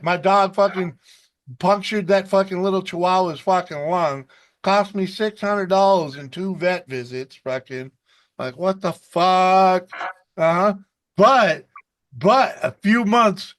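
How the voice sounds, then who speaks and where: High-voiced man telling a profane story. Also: a bit bright. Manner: profane, rambling storyteller, laughs often. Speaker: host. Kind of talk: casual chat. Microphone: video call.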